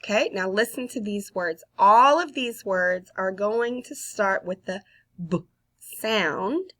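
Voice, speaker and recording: A woman with a Southern US accent, teaching a kindergarten phonics lesson slowly and patiently, sounding out letters. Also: medium pitch, a bit bright.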